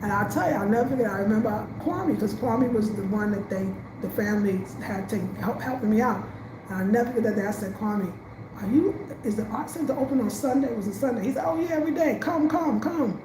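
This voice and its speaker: A woman from Brooklyn with a New York accent telling her life story, emotional and animated, jumping between loud bursts and quiet asides. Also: medium pitch, fast talker, roomy sound, background noise. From Brownsville, Brooklyn, New York.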